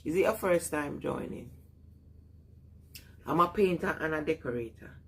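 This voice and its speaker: A woman with a Jamaican accent talks casually on her live stream, greeting viewers by name and breaking into laughs between thoughts. Her voice sits fairly low and has a husky, breathy grain. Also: expressive, normal speed, a bit bright.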